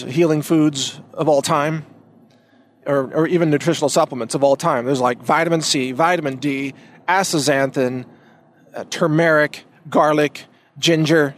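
A man hosting a podcast, talking in a casual monologue that rambles and restarts, with emphatic stresses. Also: on the high side. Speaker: podcast host.

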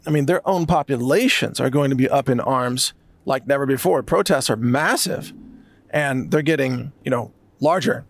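A man's voice: mid-range voice, normal speed, no room sound. A man delivering an emphatic, sarcastic commentary monologue. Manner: emphatic, sarcastic, mocks others in put-on voices. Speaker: political commentator.

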